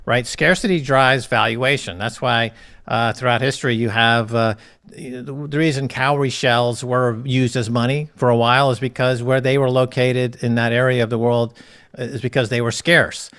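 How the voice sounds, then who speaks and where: A man's voice: mid-range voice, fairly even intonation, moderate pace, fairly bright tone. A man who is a guest on an interview show, explaining things in a lecturing way. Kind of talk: casual interview talk.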